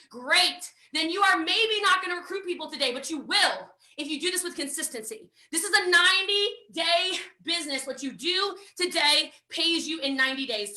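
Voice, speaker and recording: A high-voiced American woman with a sharp, forceful tone runs a live online sales training. She talks in an energetic, emphatic way and hammers her points home by repeating them. Her voice rings a little in a roomy space. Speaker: network marketing trainer.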